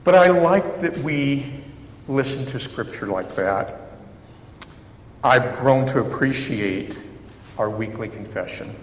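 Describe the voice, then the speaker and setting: A man's voice: medium pitch, expressive, takes it slowly, long pauses. Man preaching a reflective sermon in an echoey hall. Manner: conversational and reflective, with self-deprecating humor. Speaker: chaplain preaching. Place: church sanctuary. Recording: echoey hall reverb, faint background noise.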